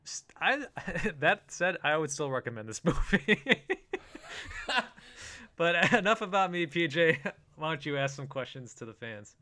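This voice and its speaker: A man's voice: fairly high pitch, very animated, a little slow, pushed and bright. Easygoing man laughing through a podcast chat. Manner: easygoing, laughs often, many "you know" fillers. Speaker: podcast co-host. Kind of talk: casual chat.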